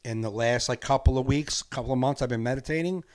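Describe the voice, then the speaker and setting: A man's voice: mid-range voice, fast. A man hosting a podcast, talking in a rambling, earnest way and laughing easily. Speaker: podcast host. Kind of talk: casual podcast conversation.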